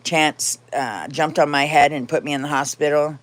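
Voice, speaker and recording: A woman whose voice sits low and steady talks at normal speed on a dry recording. She hosts a casual livestream chat from home, chattering and rambling with frequent laughs and now and then cooing baby talk at her cat.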